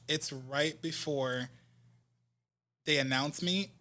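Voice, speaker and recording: In a relaxed interview, a New Jersey R&B singer shares stories as a guest, lively and quick to laugh. His voice is medium-pitched and his pace measured.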